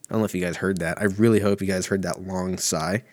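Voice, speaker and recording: A man in his thirties talks through a solo podcast from home in a lowish voice, rambling loosely and swearing freely while poking fun at himself. The recording is dry and close. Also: fairly even intonation, fast talker, a little mellow, dry recording. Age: 30s. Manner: profane, rambling and self-mocking. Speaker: podcast host.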